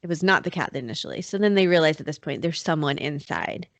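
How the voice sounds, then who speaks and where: A woman with a slightly low voice tells a true-crime story to her co-host in a loose, conversational way, full of fillers. The sound is dry and close, with no room echo. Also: animated, fast. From North Carolina. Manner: chatty, many fillers like "like" and "you know". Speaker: podcast host.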